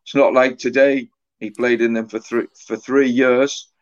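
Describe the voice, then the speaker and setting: A man in his forties tells a story as an interview guest, stopping and restarting, doubling words as he gathers his thoughts. His pitch stays flat and barely moves. The recording sounds dull and lo-fi. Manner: halting, often repeats words and restarts. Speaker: author guest.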